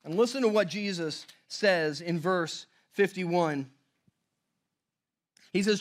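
A male pastor preaching a sermon, emphatic, swinging between loud stress and near-hushed lines. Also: high-pitched, slow, long pauses.

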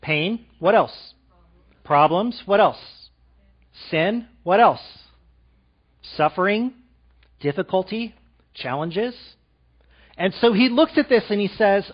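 A man preaching a sermon to a live congregation, asking them questions and dropping to a soft, quiet voice for emphasis. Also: high voice, animated, a little slow, dull audio. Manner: engaging, asks the audience questions.

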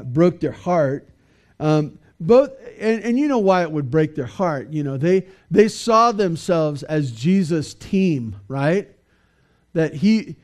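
Male pastor, sermon, slightly high pitch, warm mellow tone, conversational, hesitant fillers. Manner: conversational, halting with many fillers and restarts. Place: church.

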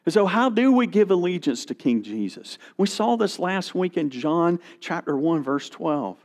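A man's voice: sits high, sing-song, normal speed, darkish tone. A middle-aged male pastor preaching a sermon, reading scripture and animating his stories with quoted voices.

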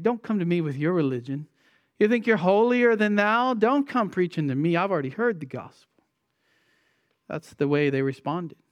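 A man preaching an expository sermon, emphatic, with sweeping shifts in pitch and loudness and slowing down to stress key words. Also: clean tone, dry recording, clean studio sound. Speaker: pastor.

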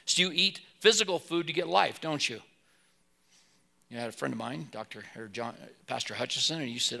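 A man preaching a sermon, telling Bible stories and swinging between loud emphasis and soft asides. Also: on the high side, brisk, creaky. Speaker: pastor.

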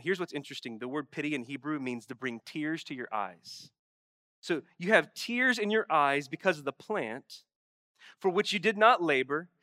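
A man preaching a sermon, his voice bright and forceful and set a little high for a man. He drops into hushed, close asides, then builds to loud, emphatic lines, with a pleading edge when he speaks God's questions. The sound is dry and close. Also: no echo. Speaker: pastor.

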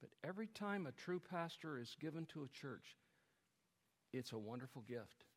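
A man preaching a sermon to his congregation, building to emphatic, forceful passages. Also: fairly high pitch, lively intonation, normal speed. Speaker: pastor. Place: church sanctuary. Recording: church hall with long reverb.

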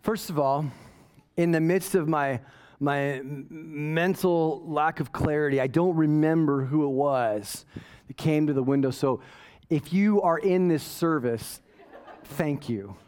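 A pastor telling a self-mocking story in a sermon, animated and often asking "right?". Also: male voice, fairly high pitch, a little slow, smooth. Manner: self-mocking, waves arms while talking.

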